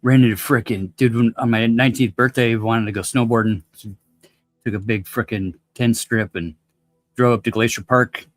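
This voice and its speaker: A man spins a rambling story in relaxed slang, cursing as he goes, his voice sitting in a middle pitch. The sound is close and dry, with soft music faintly underneath. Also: moderate pace, no echo. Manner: laid-back slangy, swears, acts out voices loudly. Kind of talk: casual storytelling.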